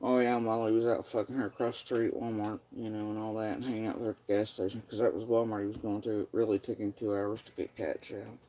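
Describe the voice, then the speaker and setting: A man's voice: lowish voice, flat delivery, fast talker, hardly any pauses, mellow, low-quality recording. A man in a profane, bitter personal rant, reading out and picking apart old text messages.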